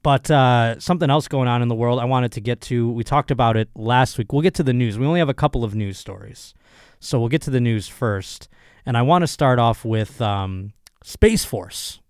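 A comedian hosting his own podcast alone, talking in a rambling, excitable, profane way, his voice still hoarse from being lost. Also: medium pitch, normal speed, dry recording, clean studio sound. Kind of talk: casual solo podcast monologue.

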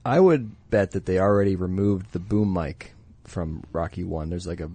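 A man's voice: low voice, dark tone, slightly rough, no room sound. A man co-hosting a radio show, chatting easygoingly in casual comedic talk. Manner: easygoing, quick agreeing replies. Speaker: show regular, co-host. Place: radio studio.

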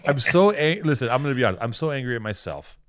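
A man's voice: medium pitch, sing-song, fast, slight background noise. A man co-hosting a casual podcast, swearing often and ranting in mock anger at his friend. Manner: swears often, mock rage, loud bursts. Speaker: podcast co-host.

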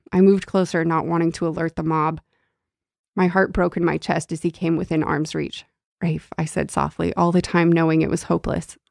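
Young woman, low voice, gravelly fry, dry close sound, casual book chat. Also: no echo. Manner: reads novel passages aloud, animated and laughing when chatting. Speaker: book club podcast co-host. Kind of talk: casual chat with read-aloud passages.

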